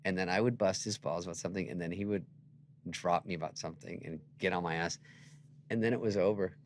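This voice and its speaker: A man's voice: fast, a little hiss or hum. A middle-aged man telling comedy stories in casual chat, acting out voices as he quotes people. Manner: animated, acts out quotes with loud jumps in pitch. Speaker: comedian guest.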